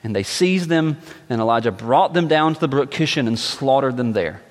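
A man reading scripture aloud in a measured, slow way with dramatic pauses. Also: medium pitch, expressive. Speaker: scripture reader. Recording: long echoing reverb.

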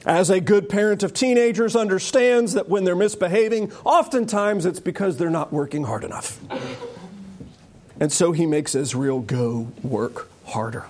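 A man preaching a sermon in a lively, joking way, often acting out the voices of the people he quotes. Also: sits high. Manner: animated, jokey, acts out quoted voices. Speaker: pastor.

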